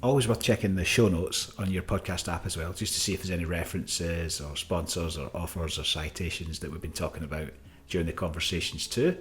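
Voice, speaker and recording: A male podcast host talks in a friendly, informal manner. His voice sits a little low. It is recorded on a cheap microphone. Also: fairly even intonation, fairly quick, hardly any pauses. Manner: friendly, informal wrap-up talk. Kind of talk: casual podcast chat.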